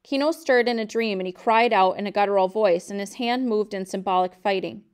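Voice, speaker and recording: A woman reading a novel aloud in a calm, steady, measured way. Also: mid-range voice, smooth. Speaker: reader of a novel.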